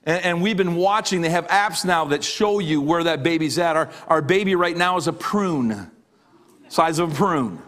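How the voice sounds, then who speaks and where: A middle-aged man, a pastor, preaching a sermon with emphatic repetition, dropping low on key lines. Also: normal speed, fairly bright tone.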